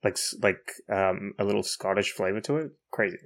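A man from New Zealand with a New Zealand accent, co-hosting a podcast in blunt, profane casual chat with halting restarts. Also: lowish voice, creaky. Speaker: podcast co-host.

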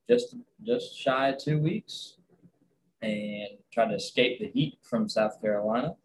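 A man's voice: medium pitch, animated, measured pace, rough recording. A man from England, a guest chatting easily on a podcast, a bit back from the mic. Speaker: podcast guest, dog trainer. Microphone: set a bit back from the mic.

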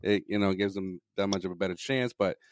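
A man co-hosting a casual sports podcast, joking around, laughing often and trailing off quietly at the ends of his points. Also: low voice, quick pace, no echo, clean studio sound. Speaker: podcast co-host.

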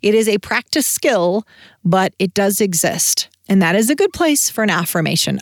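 A woman's voice: mid-range voice, expressive, moderate pace, dry recording, clean studio sound. A woman in her thirties hosting a solo podcast, talking in a candid, encouraging, conversational way. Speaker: podcast host.

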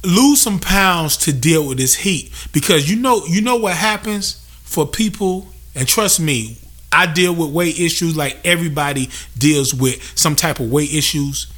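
Young guy venting on a podcast, bright higher voice, cussing and repeating himself a lot. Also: lively intonation, measured pace. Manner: loose, profane, repeats himself for emphasis. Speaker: podcast host. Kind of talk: casual podcast vent.

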